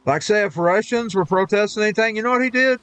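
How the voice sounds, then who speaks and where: A man's voice: high-pitched, fast talker, a bit bright, clean tone, no echo. A man ranting indignantly while streaming a game, rambling and restarting his sentences. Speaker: live streamer.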